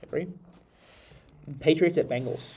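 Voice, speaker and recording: A man's voice: fairly high pitch, moderate pace. Congested man rambling about football. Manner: rambling, animated, many restarts. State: congested, nasal. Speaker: podcast host. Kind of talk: casual sports chat.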